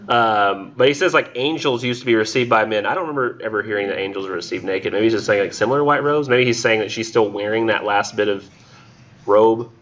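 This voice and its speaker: A man's voice: medium pitch, sharp tone, muffled recording. A man teaching a college literature class, reading poems aloud and joking casually about them. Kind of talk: recorded classroom lecture.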